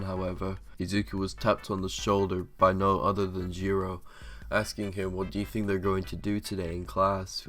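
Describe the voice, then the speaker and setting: A man with a low, deep voice reads fan fiction aloud for his channel. He rambles casually and leans on the same filler words again and again, with faint music behind him. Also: darkish tone. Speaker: channel host.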